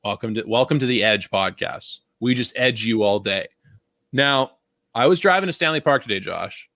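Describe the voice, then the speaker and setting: A man's voice: medium pitch, normal speed, dry recording, studio quality. A young man from Vancouver co-hosting a casual podcast, ranting with swearing and laughter. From Vancouver, Canada. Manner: animated, swearing, laughing ranter. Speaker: podcast co-host.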